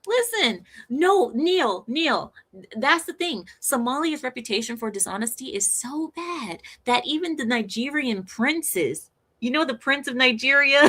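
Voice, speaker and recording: Bright-voiced woman ranting with laughter. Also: sits high, unhurried. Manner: animated, breaks into frequent laughter; sarcastic, mocking. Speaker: vlogger. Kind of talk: opinionated commentary monologue.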